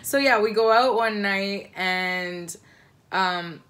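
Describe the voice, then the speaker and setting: A woman's voice: mid-range voice, slow, fairly bright tone. A young woman in her twenties telling a casual storytime vlog, rambling with lots of fillers and self-deprecating asides. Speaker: vlogger.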